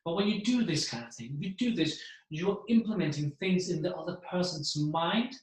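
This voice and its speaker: A man's voice: on the high side, normal speed. Man speaking in a very echoey room. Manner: animated, acts out the voices he describes. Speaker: motivational keynote speaker. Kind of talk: seminar talk to an audience.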